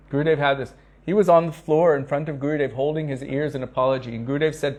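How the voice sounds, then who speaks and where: This spiritual teacher talks quickly, barely pausing, as he earnestly addresses disciples in a devotional talk. His stories lean on emphatic repetition, and when he quotes someone he performs it with abrupt pitch changes.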